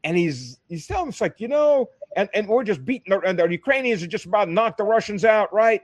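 A man talking casually about politics with another man. He speaks in an animated way, often laughs, and trails off and restarts his sentences. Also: high voice, quick pace, hardly any pauses, no room sound.

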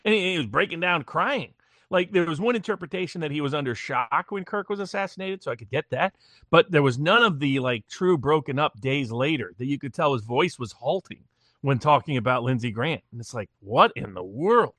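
Fairly high, dry-sounding male commentator. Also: animated, fairly bright tone, dry recording. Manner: halting, repeats words while building long arguments. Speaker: political commentator, guest. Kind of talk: casual political discussion.

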